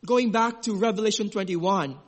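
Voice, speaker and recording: A middle-aged man preaching a sermon in an earnest, emotional way, at times hushed and at times high and excited. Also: moderate pace. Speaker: pastor.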